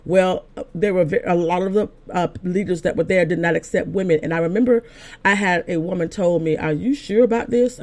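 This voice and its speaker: A woman's voice: lowish voice, a little mellow. An older woman, an apostle and pastor, preaching a sermon as a personal story, talking conversationally with frequent restarts and building to emphatic points. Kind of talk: sermon told as personal testimony.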